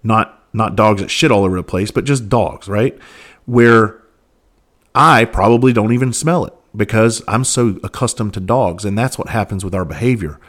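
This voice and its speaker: Guy w a lowish voice just talking straight on his podcast, earnest, cusses a lot. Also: normal speed. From Southern United States. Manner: candid, earnest, swears freely. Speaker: podcast host. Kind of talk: casual storytelling monologue.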